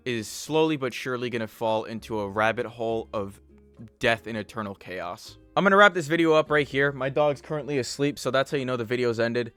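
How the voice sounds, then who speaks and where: A man's voice: medium pitch, fairly bright tone, clear, resonant tone. A man hosting a commentary vlog, mocking and crude, with a sarcastic edge. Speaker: channel host.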